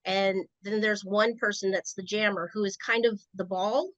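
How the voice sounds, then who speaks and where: A woman's voice: medium pitch, steady tone, normal speed, fairly bright tone, no echo. A woman from Rhode Island, a podcast guest, telling stories in a chatty, casual way. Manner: chatty, storytelling. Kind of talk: casual interview chat. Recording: dry, dull lo-fi sound.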